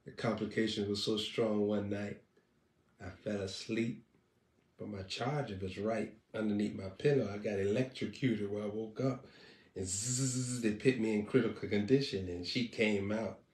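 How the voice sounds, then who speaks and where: A playful man preaches over a live stream, teasing the audience with jokes and frequent laughter. He has a lowish, slightly mellow voice with fairly even intonation at a normal speed, captured by a distant mic in an echoey room.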